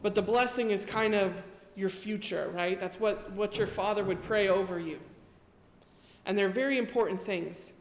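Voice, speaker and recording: A woman's voice: medium pitch, moderate pace. A woman preacher giving a casual sermon, retelling scripture in a chatty storytelling way. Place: church. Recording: echoey church hall reverb.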